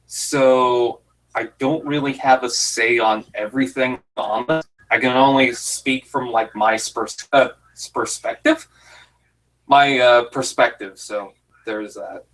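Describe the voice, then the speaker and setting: A man's voice: medium pitch, a bit bright, rough recording. A man giving casual, jokey commentary over a fan film, rambling and self-deprecating. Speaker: YouTube commentator.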